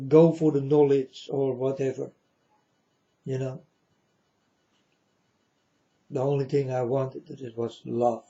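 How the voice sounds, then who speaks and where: Slow, dark-voiced man preaching to viewers. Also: mid-range voice, dull audio. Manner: slow, repetitive, keeps asking "you understand?". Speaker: channel host. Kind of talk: religious monologue to viewers.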